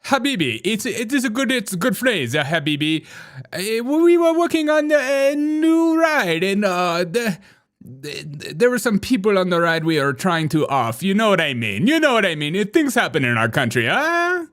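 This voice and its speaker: Man doing a wheedling high-pitched Saudi prince. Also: sing-song, normal speed, fairly bright tone. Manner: broken English, repetitive, wheedling. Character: shady, pushy Saudi prince phoning in.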